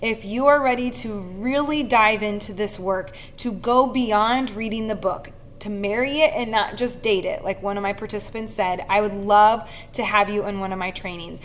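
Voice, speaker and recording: A woman giving an earnest, casual coaching talk to camera, speaking in an animated way that breaks into quick laughs now and then. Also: mid-range voice, slight background noise. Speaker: speaker and leadership facilitator.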